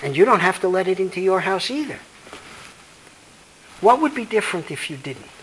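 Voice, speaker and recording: A man's voice: high voice, sing-song, moderate pace, a bit bright, a little hiss or hum, rough recording. A man, a law professor, giving a blunt, emphatic, profane lecture and answering audience questions.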